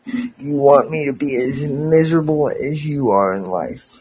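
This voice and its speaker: A man's voice: medium pitch, a little slow, a little mellow, breathy edge, rough recording. A man hosting a podcast, delivering an angry, profane, sarcastic rant aimed at a former friend.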